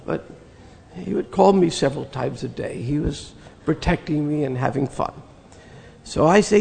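An older man telling a personal spiritual story in an earnest, reflective way, with slow pauses. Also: fairly high pitch, expressive, gravelly, a little mellow, in a large hall. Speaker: spiritual teacher recounting memories.

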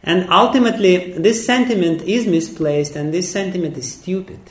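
A man's voice: sits high, normal speed. Emphatic man preaching in an echoey room. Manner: emphatic, laughs often, frequent fillers. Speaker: lecturer on scripture. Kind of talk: sermon.

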